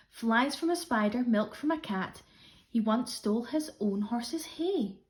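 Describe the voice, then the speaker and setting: A Scottish woman, a primary school teacher, reading a rhyming storybook aloud with a lively rhythm. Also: fairly high pitch. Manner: expressive rhythmic read-aloud.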